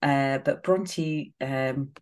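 A woman co-hosting a podcast, recapping a reality show in a relaxed, chatty way. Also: very deep voice, drawn-out words. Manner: relaxed recapping with fillers and laughs. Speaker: podcast co-host.

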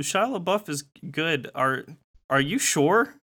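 Male game show host and game master, bright tense tone, playful halting narration. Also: fairly high pitch, animated. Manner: playful, hesitant narration with fillers.

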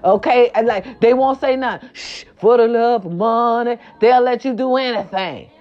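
A woman hosting a casual celebrity gossip chat, sassy and animated, repeating her catchphrases, with a sore throat. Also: fairly high pitch, normal speed, lo-fi sound. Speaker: gossip vlog host.

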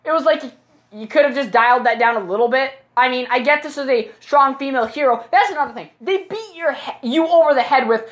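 Woman, high voice, vlog movie review, blunt, opinionated, exasperated, casual swearing. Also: fairly quick.

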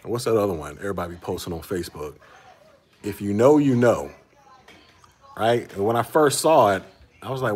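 A man's voice: on the low side, lively intonation, fairly quick, pauses often, a little mellow, a little hiss or hum. A man in his forties hosting a casual livestream and chatting with viewers, rambling, repeating words and chuckling often. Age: 40s. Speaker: livestream host reading chat.

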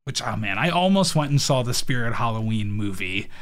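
A man's voice: medium pitch, lively intonation, brisk. A man co-hosting a podcast, chatting casually about a movie, rambling with lots of "like" and frequent laughter. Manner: rambling, heavy use of "like", laughs often. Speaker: podcast co-host. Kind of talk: casual chat reviewing a movie.

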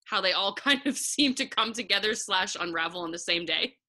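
A young woman guesting on a casual podcast, talking about a film with animated energy and frequent laughter. Her voice has a sharp, bright edge at a middle pitch, and she leans on "like" as she goes. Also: fairly quick. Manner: animated, laughing, says "like" often. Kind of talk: casual chat about a movie.

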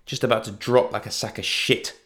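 A man's voice: on the low side, steady tone, fairly quick, a bit bright, close to an everyday voice. A man voicing a fierce, blunt female ranger who snarls threats. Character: fierce young woman ranger, blunt and sharp-tongued.

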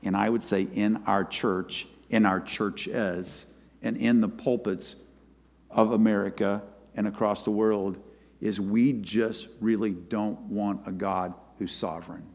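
A man preaching a sermon and retelling a scripture story, his voice swinging from loud to soft. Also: fairly low pitch, fairly even intonation, slow, gravelly. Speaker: pastor. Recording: long hall reverb.

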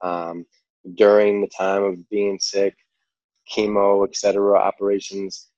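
A man's voice: on the low side, completely flat delivery, a little slow, a little mellow, no room sound, lo-fi sound. A man with a New York accent, a podcast guest telling stories in a rambling, casual way, full of "like" and "you know". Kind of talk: casual storytelling.

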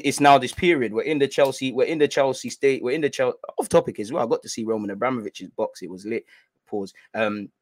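Slangy man telling an anecdote. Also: medium pitch. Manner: rambling, slangy, animated storytelling with repeated restarts. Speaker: storyteller.

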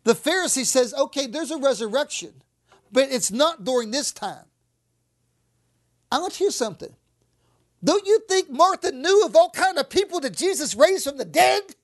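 High-voiced woman preaching emphatically. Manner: emphatic, repeats phrases, acts out scripture quotes. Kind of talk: sermon.

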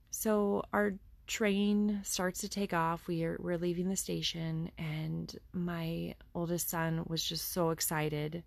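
A woman in her thirties recounts a personal story in a slow, unhurried way. Her voice is low and gravelly, with a lot of fry at the ends of phrases. The sound is dry and close, with no room echo. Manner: earnest, conversational, with restarts.

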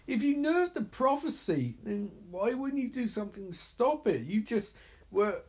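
A man talks over a horror movie as he watches, mocking its dialogue with exasperated sarcasm and frequent swearing. His voice sits a little high and is very lively, leaping up and down in pitch. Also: normal speed. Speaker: movie commentator. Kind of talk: live movie reaction commentary.

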